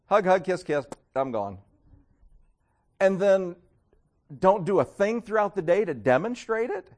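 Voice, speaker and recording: Animated high-voiced male preacher. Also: unhurried. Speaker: pastor. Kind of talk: sermon.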